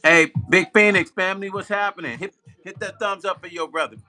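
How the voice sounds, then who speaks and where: Man, live-stream host, casual chat, very bright tone, slightly high voice, faint music behind. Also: steady tone, fairly quick. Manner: loose and chatty, repeats himself, laughs at his own slips.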